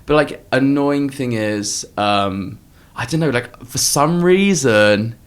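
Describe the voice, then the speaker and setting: A young man chats on a podcast. His pitch swings widely, and he breaks into high shrill voices to mimic people. The talk is casual and full of swearing. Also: expressive, slow, smooth. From South East England. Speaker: podcast co-host. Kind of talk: casual chat.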